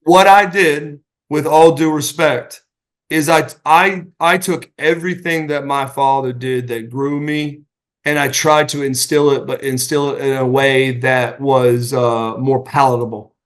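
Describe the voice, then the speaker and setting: A middle-aged man, a retired wrestler and podcast guest, telling stories in a casual, animated way, acting out the voices of the people in them. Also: mid-range voice, unhurried. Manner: animated anecdotes, acting out quoted voices, many restarts. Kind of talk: casual storytelling.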